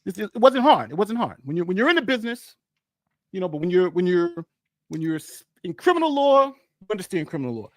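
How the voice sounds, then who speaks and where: A man's voice: high-pitched, sing-song, quick pace, no echo. A man co-hosting a casual live stream, boastful and rambling, often repeating himself. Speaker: co-host.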